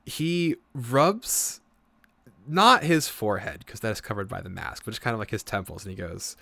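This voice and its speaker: A man narrating as game master in a tabletop game, hesitant and full of fillers. His voice is bright, with a lively rise and fall, recorded close and dry. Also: on the low side, moderate pace, gravelly, no room sound.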